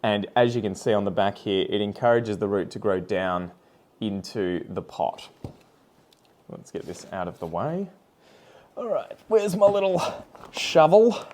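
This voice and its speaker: A man's voice: fairly low pitch, moderate pace, a little mellow, a little hiss or hum. A young Australian man with an Australian accent, chatting casually and rambling while he repots plants, swearing now and then. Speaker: plant vlogger. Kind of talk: casual chatty commentary while doing chores.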